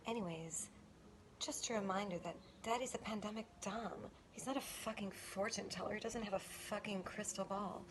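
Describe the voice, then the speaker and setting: A woman performing a comic monologue in a breathy, mock-seductive whisper, swearing often. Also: mid-range voice, normal speed, noisy background. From United States. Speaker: comedic performer.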